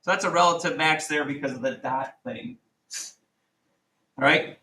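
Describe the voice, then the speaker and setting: A middle-aged man teaching a high school math class, casual and self-correcting, often asking the class questions. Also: moderate pace, sharp tone. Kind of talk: classroom lecture.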